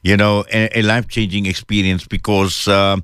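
Smooth-voiced male interviewer, measured. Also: lowish voice, level tone, no room sound, clean studio sound. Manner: measured, gentle, with fillers. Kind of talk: interview questions.

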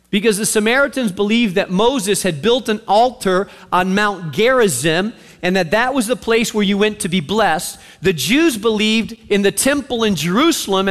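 High-voiced animated preacher in a hall. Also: male voice. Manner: animated storytelling, acting out voices with sarcasm. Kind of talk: sermon.

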